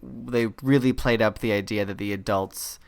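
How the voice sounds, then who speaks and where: A man co-hosting a podcast, casually retelling scenes from a film in an animated way. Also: fairly low pitch, moderate pace, vocal fry, no room sound. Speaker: podcast co-host. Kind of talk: casual chat, film review.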